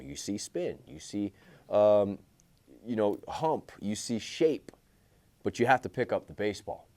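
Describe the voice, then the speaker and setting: A man's voice: fairly low pitch, dark tone. A man coaching a group of baseball players on hitting, blunt and emphatic, hammering his key points home by repeating them.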